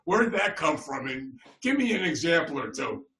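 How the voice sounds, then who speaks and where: A man's voice: on the high side, very animated, normal speed, bright, forceful tone. A man hosting a podcast interview, asking direct, upbeat questions. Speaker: podcast host. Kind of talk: casual interview. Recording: roomy echo.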